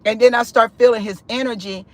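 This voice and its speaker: Animated, chatty woman telling a story. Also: fairly quick. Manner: expressive and chatty, with big pitch swings and laughter; loose conversational speech with frequent "honey" and "sis". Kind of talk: animated spiritual testimony.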